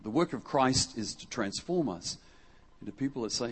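Middle-aged preacher, husky voice, casual and jokey with the congregation, plays out little quotes. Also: male voice, medium pitch, lively intonation, normal speed. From Western Australia. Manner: jokey and conversational, acts out quotes. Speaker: guest preacher. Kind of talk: lively sermon with audience interaction. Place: church hall before a congregation.

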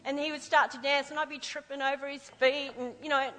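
High-voiced woman preaching in a hall. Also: fast talker. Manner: lively storytelling, acting out quoted voices. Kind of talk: sermon with personal stories.

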